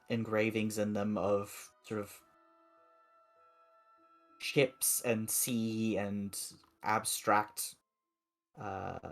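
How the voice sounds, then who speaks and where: A man narrating as game master of a tabletop game, describing the scene slowly with many pauses and fillers. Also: on the low side.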